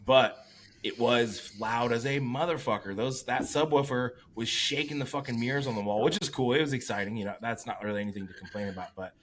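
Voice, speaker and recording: A man co-hosting a casual podcast tells stories in a loose, profane, animated way. He quotes other people with lively shifts in his voice. A faint noise sits under the recording. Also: medium pitch, a little fast. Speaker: competing bodybuilder and podcast co-host.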